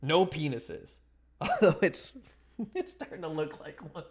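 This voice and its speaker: Playful young male streamer, slightly high voice. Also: huge pitch swings, a little slow. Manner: playful, teasing, rambling with frequent restarts and laughs. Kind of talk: casual livestream chat while sculpting.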